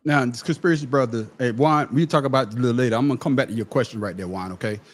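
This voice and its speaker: A man's voice: medium pitch, very fast. Profane, emphatic middle-aged man. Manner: profane, emphatic, repeats his words when starting. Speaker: podcast panelist. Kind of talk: casual chat, storytelling.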